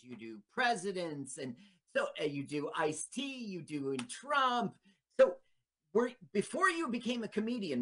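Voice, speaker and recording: A man hosts a comedy interview, asking his guest questions and adding short, encouraging remarks. His pitch rises and falls a lot as he talks. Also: fairly bright tone. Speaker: comedy show host.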